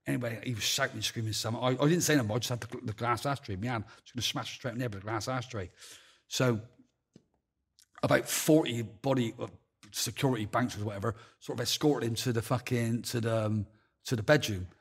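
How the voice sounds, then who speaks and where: A man's voice: medium pitch, steady tone, fast talker, slightly rough. A man with a Bristol accent, a podcast guest telling stories in casual, heavily sworn talk, acting out the dialogue. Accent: Bristol English. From England. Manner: swears heavily, acts out dialogue, laughs while telling stories. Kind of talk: casual storytelling.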